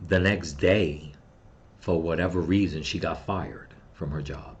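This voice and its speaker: The voice is low and unhurried, and the recording has its highs cut off. A middle-aged man who runs the channel describes what he lost and then turns to a grieving, bitter tirade laced with heavy swearing against those he blames, in the manner of an angry personal vlog.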